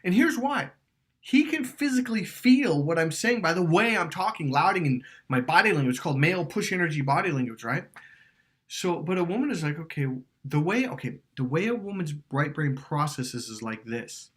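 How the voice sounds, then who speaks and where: Animated, emphatic male dating coach. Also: on the high side, normal speed. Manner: emphatic, swears, acts out quotes loudly.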